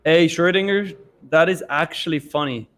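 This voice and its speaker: A man's voice: fairly high pitch, fairly bright tone, soft background music. A man co-hosting a live trading show, reading viewer comments and laughing a lot in loose casual chat. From born in the UK. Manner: laughs often, quick and loose.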